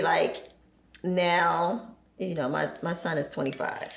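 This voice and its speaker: A woman in her forties, a podcast guest, telling animated stories about her children and laughing often. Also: on the low side, slow, gravelly, reverberant, slight background noise. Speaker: podcast guest, entrepreneur and single mother. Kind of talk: casual chat.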